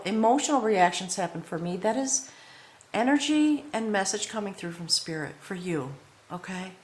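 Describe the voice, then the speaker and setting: Earnest woman tarot reader in echoey room. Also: mid-range voice. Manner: earnest, addresses the viewer with frequent "okay?". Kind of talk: spiritual tarot reading to camera. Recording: roomy echo.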